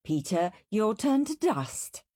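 A woman's voice: mid-range voice, sing-song, slow pace, dark tone, no room sound, studio quality, voice pushed up. A woman voicing a stern, tired mother handing out chores in a storybook reading. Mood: firm. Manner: firm, scolding.

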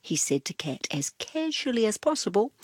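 A woman reading a children's story aloud, softly, sometimes dropping to a whisper. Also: mid-range voice, sing-song, moderate pace, husky, dry recording, clean studio sound. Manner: soft, drops to whispers on tags.

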